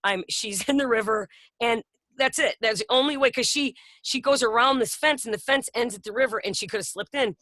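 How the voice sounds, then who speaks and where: A woman's voice: a little high, brisk, no echo. A middle-aged woman co-hosting a casual podcast, telling stories with lots of laughter and acted-out voices. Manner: animated storyteller, laughs often, acts out voices. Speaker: podcast co-host. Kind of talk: casual chat.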